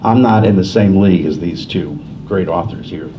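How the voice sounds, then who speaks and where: An older man from New Jersey, appearing as an author at a library forum, talks casually at a moderate pace in a low-pitched voice, telling meandering stories that poke fun at himself. The library meeting room recording is muffled and distant, carrying a faint hiss.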